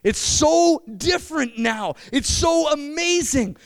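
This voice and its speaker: A young man preaching a sermon, animated and addressing the congregation with frequent questions. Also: very high voice, slow pace, no room sound.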